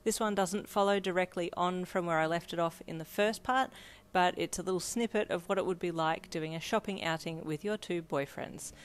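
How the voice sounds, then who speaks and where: A woman narrating a fan fiction audio story in a brisk, plain storytelling manner. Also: on the low side, steady tone.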